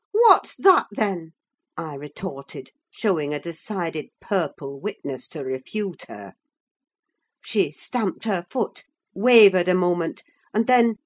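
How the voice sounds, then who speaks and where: A woman narrating a classic novel as an audiobook, in a measured, unhurried reading. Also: low-pitched, a little mellow. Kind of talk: scripted narration.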